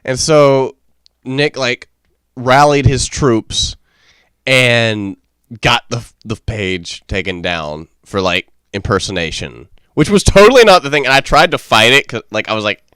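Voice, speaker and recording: Animated young man telling a story. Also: medium pitch, a little slow, smooth, no room sound. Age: 20s. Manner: animated, profane, rambling storyteller. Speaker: podcast co-host. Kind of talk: casual storytelling chat.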